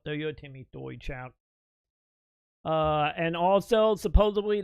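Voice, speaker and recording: A man in his thirties talks to his stream chat with a slightly high voice, rambling through a story with plenty of swearing and restarts. The sound is close and dry, with no room around it. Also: creaky, clear, resonant tone, no room sound. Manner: profane, rambling, laughing storyteller.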